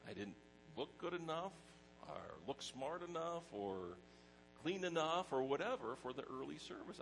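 A middle-aged pastor preaching a sermon in a conversational way, mixing personal stories with scripture. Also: male voice, a little high, animated, normal speed, faint music behind, poor audio.

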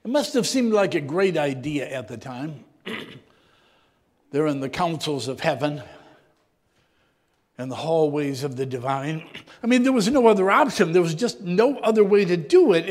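A man reading scripture and preaching a reflective sermon, often clearing his throat, his voice sometimes dropping low and soft. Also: animated, unhurried, pauses often, big-room sound.

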